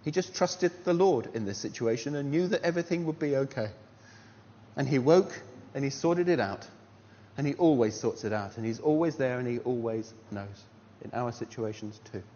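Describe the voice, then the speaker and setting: A man preaching a sermon, telling a story and asking animated rhetorical questions with a touch of self-deprecating humour. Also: mid-range voice, moderate pace, slight background noise. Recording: dull sound with long hall reverb.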